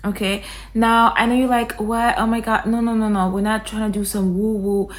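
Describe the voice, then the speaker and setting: A young woman hosts a self-help podcast in a loose, chatty monologue. She keeps filling her talk with fillers and asides. Her quoted inner voices jump far up or down in pitch. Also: flat delivery, normal speed. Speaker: podcast host.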